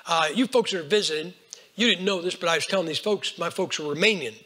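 An older man preaching a folksy storytelling sermon, swinging between hushed lines and loud bursts. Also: high voice, quick pace. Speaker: Baptist preacher.

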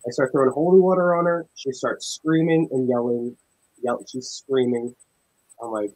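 A young man, a paranormal investigator, telling a story in casual chat and acting out the dialogue with animated energy. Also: mid-range voice, moderate pace, poor audio. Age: young adult. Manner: animated, acts out dialogue in tense retelling.

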